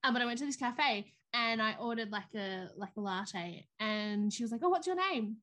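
A woman's voice: fairly high pitch, expressive, normal speed, pushed and bright. A woman, co-hosting a podcast in casual chat, telling stories animatedly and acting out the voices of people she quotes. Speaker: podcast co-host.

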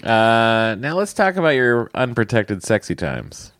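A man from Massachusetts co-hosting a podcast, reading out a listener email and joking through it with laughs and deadpan asides. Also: medium pitch, measured pace, no echo, clean studio sound. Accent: thick put-on Boston. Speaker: podcast co-host. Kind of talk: casual comedic chat, reading a listener email.

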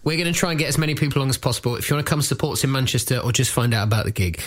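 A man's voice: medium pitch, background noise. A man co-hosting a comedy podcast, teasing his partner and plugging a gig in casual banter. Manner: playful, teasing, quick plugs.

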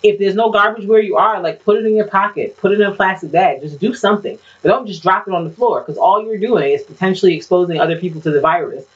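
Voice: mid-range voice, fast talker, few pauses, slightly rough. A podcast co-host in casual chat who rants bluntly and says "like" a lot. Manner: blunt, ranting, frequent "like". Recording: dull, distant mic sound.

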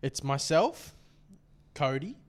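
A man's voice: mid-range voice, big pitch swings, takes it slowly. A young man, co-hosting a podcast and telling a story in a loose, rambling way, laughing as he goes. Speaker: podcast co-host. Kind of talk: casual storytelling chat.

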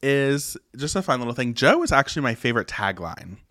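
A man co-hosting a podcast in casual chat, playful and animated with frequent laughs. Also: medium pitch, a little fast. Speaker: podcast co-host.

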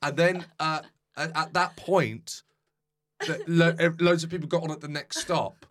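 A man who is a podcast guest, telling a rambling anecdote in casual chat, deadpan and swearing freely. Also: a little high, measured pace. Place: podcast studio.

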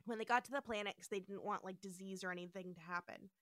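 A woman hosting a podcast, recapping an episode in a casual, animated storytelling style. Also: mid-range voice, fast talker, no echo, clean studio sound. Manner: animated storytelling with frequent voices and laughter. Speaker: podcast host.

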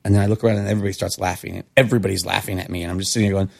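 Raspy grizzled guy from california rambling thru a story on a podcast, kinda husky. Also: lowish voice, very fast, few pauses. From Santa Cruz, California. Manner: animated, rambling, acts out quotes. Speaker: podcast guest. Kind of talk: casual storytelling.

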